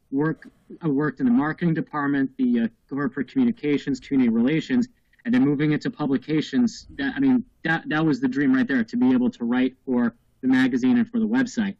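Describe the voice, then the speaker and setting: Man in his thirties, measured and reflective, casual panel chat, muffled lo-fi audio, dry close sound. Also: mid-range voice, a little mellow, no room sound. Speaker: podcast co-host.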